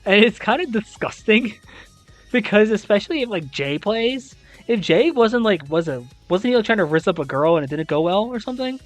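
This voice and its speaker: Young adult league recap host, very lively pitch swings, exasperated and incredulous, swears casually, faint music underneath. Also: normal speed. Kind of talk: esports league recap and playoff analysis.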